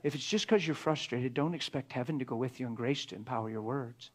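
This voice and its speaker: A pastor giving a conversational sermon, earnest and full of rhetorical questions, acting out little dialogues. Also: male voice, medium pitch, fast talker. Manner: earnest, acts out dialogue between spouses.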